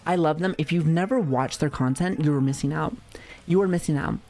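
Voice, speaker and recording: Her voice is low and mellow, and she talks fairly quickly as she chats casually with viewers on her stream. She comes across as playful and giggly, frequently laughing and lightly cursing.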